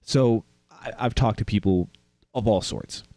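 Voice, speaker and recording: A man's voice: lowish voice, a little slow, dark tone, no echo, faint music behind. A man in casual podcast chat, telling a rambling story with quoted asides.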